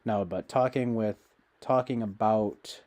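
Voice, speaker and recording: Rambling, mellow-voiced man streamer. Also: lowish voice. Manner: meandering, halting, many fillers and restarts. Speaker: livestreamer. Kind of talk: casual rambling livestream chat.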